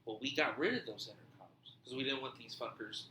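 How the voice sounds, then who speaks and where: A man hosting a podcast, telling a story in a casual, animated way, swearing freely and acting out what people said. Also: medium pitch, a little fast, reverberant, slight background noise. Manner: animated, profane, acts out quoted dialogue. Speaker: podcast host.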